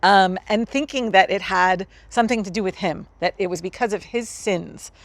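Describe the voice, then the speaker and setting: A woman's voice: medium pitch, moderate pace, no room sound. Casting: woman with an American accent, reflective co-host, casual, searching for words, fillers throughout. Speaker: event co-host. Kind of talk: casual spoken presentation to a gathering.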